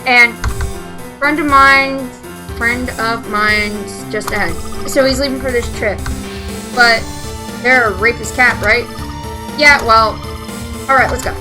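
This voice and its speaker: A woman's voice: on the high side, steady tone, takes it slowly, pauses often, over music. A woman telling a story in a profane, chatty way while playing a game. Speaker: let's play gamer. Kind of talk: casual storytelling while gaming.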